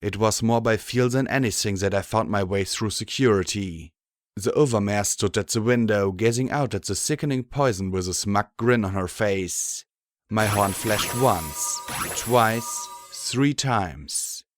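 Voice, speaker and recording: A man reading a fan fiction audiobook in a steady, measured way. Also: on the low side, background noise. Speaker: audiobook narrator.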